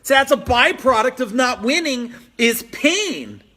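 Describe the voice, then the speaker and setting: A man's voice: extremely high pitch, a little slow, slightly rough. A man hosting a motivational business live stream at home, reading out viewer comments and pushing them hard with repeated phrases. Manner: energetic, pushy, repeats phrases for emphasis.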